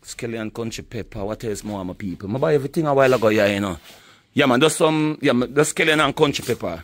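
A cooking vlogger with a Jamaican accent chats casually with viewers while he cooks and shows off his food, repeatedly calling them "my people." He has a mid-range voice, talks fast, and the room sounds echoey.

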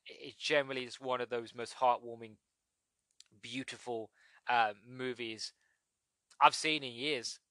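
Uk guy chatting on his podcast, bright voice, keeps correcting himself, dry close sound. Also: medium pitch, steady tone, unhurried, long pauses, no room sound. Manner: rambling, self-correcting, chuckles at himself. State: recovering from a cold. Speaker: podcast host. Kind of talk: casual solo podcast chat.

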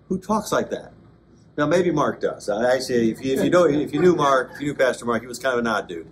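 A man, a pastor, giving a conversational Bible class lecture, with joking asides and bursts of excited emphasis. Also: medium pitch, fast talker, a little hiss or hum. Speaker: pastor teaching an adult class. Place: church classroom.

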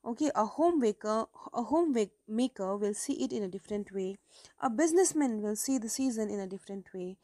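A woman's voice: mid-range voice, lively intonation, fairly quick, dark tone, no echo, clean studio sound. A woman teaching an English literature lesson for exam preparation, explaining step by step with frequent okays and self-corrections. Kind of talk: exam-prep lecture.

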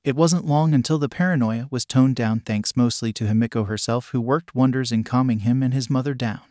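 A man reading fan fiction aloud in an even, literal narration. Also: medium pitch, fairly quick, no echo, studio quality. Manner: even, literal reading, reads out sound words.

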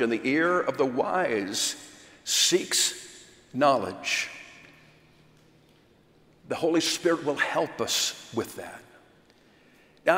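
A man giving a seminar talk at a church conference, speaking slowly and with self-deprecating humor. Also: a little high, fairly bright tone. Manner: slow, unhurried delivery; self-deprecating, chuckles between points. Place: large hall at a church conference. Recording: echoey hall with long reverb.

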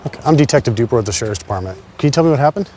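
A male sheriff's detective speaks quickly outdoors on a residential street, calmly questioning a victim and briefing the call. His voice sits at a middle pitch. In tense moments he switches to loud, clipped commands. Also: slight background noise. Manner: calm when questioning, shouting commands at the arrest. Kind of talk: police interview and commands.

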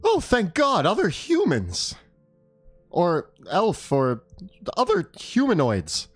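A man putting on an eccentric gentleman obsessed with potions, pompous and overly polite. The voice swings dramatically through its pitch. It sits dry and close to the mic. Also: huge pitch swings, takes it slowly, slightly rough, dry recording, soft background music, heavily acted. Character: eccentric male potion seeker with tattered suit, monocle.

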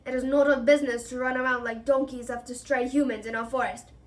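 A proud male centaur thunders and scolds in scorn, as a woman reader puts him on. The voice rides above her own, raised and loud. It is a storybook reading. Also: sits high, fairly even intonation, quick pace, distant mic, natural voice. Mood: scornful.

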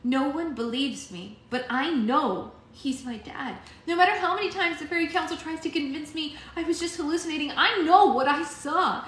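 A woman's voice: sits high, moderate pace, few pauses, a bit bright, reverberant, slight background noise, voice pushed up. A woman reading aloud, voicing an earnest young girl fairy who speaks in an urgent, emotional way. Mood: distressed.

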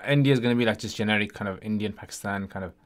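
Speaking rapid-fire at a fairly low pitch, a man hosts a relaxed livestream Q&A and answers viewers' questions. His talk is chatty, with "yeah?" often added to the end of sentences.

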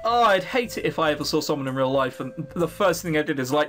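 A man's voice: fairly high pitch, animated, fast talker, few pauses, fairly bright tone. A man doing sarcastic, joking commentary while playing through a visual novel. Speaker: let's play host. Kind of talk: game commentary. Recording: faint background music.

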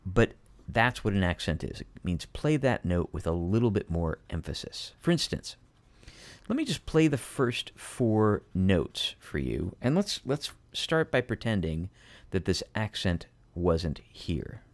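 Low-voiced patient male piano teacher. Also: very animated, a little slow, dry recording. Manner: patient, methodical, emphatic explanations. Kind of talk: explaining a piano piece to students.

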